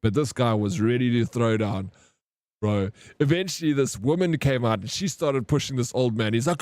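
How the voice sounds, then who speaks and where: A man's voice: medium pitch, expressive, normal speed, a little mellow, no echo. A man chats loosely with his live-stream viewers. He drifts from story to story, dropping "bro" all the time. His voice sits mid-range and sounds dry, with no room around it. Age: 30s. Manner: rambling storyteller, slangy, says "bro" often.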